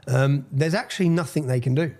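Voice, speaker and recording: A man's voice: on the high side, fairly quick, darkish tone. A man with an English accent giving a TV interview, speaking in a defiant, emphatic way and repeating phrases for weight.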